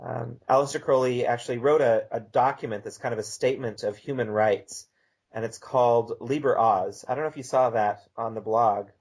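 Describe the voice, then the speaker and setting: Casting: man, mid-pitched, calm and measured interview guest. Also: husky. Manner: measured, reads a text aloud slowly. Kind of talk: conversational podcast interview.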